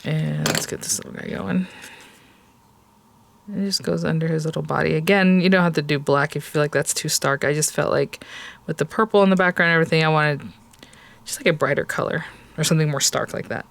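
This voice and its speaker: A woman's voice: low voice, fast, gravelly. A woman hosting a crafting tutorial, chatting casually to viewers as she works and often exclaiming how cute things are. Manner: chatty, gushing, talks to viewers while working. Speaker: craft video host.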